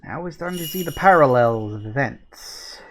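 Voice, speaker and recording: A man's voice: mid-range voice, expressive, moderate pace, slight background noise. A man giving casual, wry commentary while playing a horror game and reading on-screen text aloud. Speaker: let's-play gamer.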